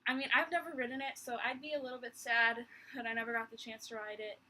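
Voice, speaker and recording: A woman's voice: a little high, level tone, fast talker, bright, forceful tone, rough recording. A young woman vlogging from her bedroom in a rambling, exasperated chat full of sighs and little laughs. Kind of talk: casual chat.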